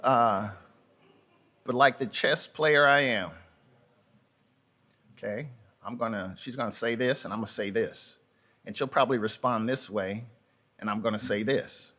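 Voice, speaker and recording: Male pastor, unhurried sermon delivery, bright voice, halting, folksy storytelling. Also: mid-range voice. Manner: folksy storytelling with asides to the congregation; halting, repeats words and restarts. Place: church sanctuary.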